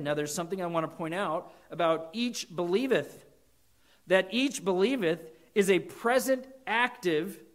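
A man preaches a sermon earnestly, reading scripture aloud. For emphasis, he rises in both pitch and volume.

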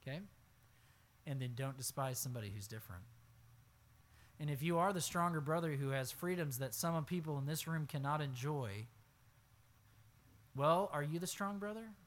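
This man preaches an expository sermon at a moderate pace, leaving long pauses as he reads scripture and unpacks its meaning. He moves from quiet asides to forceful, booming exclamations.

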